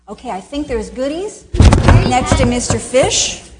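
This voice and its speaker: A middle-aged woman giving a children's sermon in a chatty way, acting out quoted reactions with a drawn-out "ah". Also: high voice, animated, darkish tone, a little hiss or hum.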